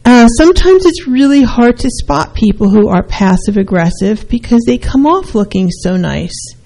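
A woman's voice: on the high side, lively intonation, normal speed, warm tone, rough recording. A middle-aged woman, a counselor, hosting a talk show and explaining behaviors, now and then acting out short quoted exchanges.

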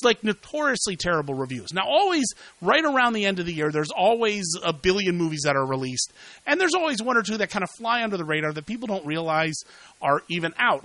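Casting: middle-aged male podcast reviewer, high bright voice, dry close mic. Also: no echo, poor audio. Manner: animated, repeats words when worked up. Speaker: podcast host, movie reviewer. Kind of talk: casual movie review.

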